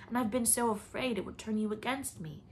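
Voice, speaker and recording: A woman voicing a troubled young woman confessing with deep feeling, sometimes sinking to a whisper. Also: fairly quick, a little hiss or hum, lightly acted. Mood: anguished. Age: young adult. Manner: emotional, at times dropping to a whisper.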